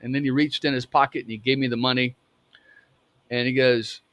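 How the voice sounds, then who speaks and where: A man in his fifties telling a personal story in a halting way, with many restarts. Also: mid-range voice, little pitch movement, a bit bright, no echo. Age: 50s. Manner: halting, full of restarts and fillers. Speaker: storyteller recounting a memory.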